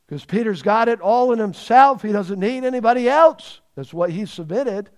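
Male preacher, high voice, emphatic sermon, repeats words for stress, loud then hushed. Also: lively intonation, normal speed. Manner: swings between loud and hushed delivery.

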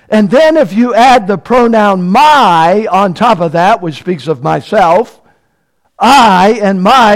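Male preacher, high voice, slow emphatic sermon, rhetorical questions. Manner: emphatic, repeats key phrases, asks the congregation questions.

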